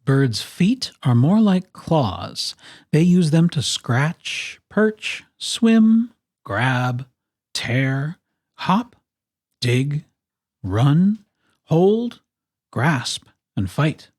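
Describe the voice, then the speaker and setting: Slow, expressive picture-book reader. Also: medium pitch, dry recording, studio quality. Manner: expressive, playful emphasis on lists. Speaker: storyteller. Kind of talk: children's picture-book read-aloud.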